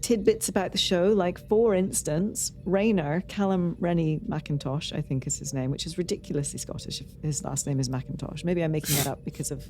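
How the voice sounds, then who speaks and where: A woman co-hosts a podcast in a loose, rambling chat. Her voice sits low with a mellow, soft tone, and music plays faintly underneath. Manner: chatty, rambling, with many likes. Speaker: podcast co-host. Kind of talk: casual chat.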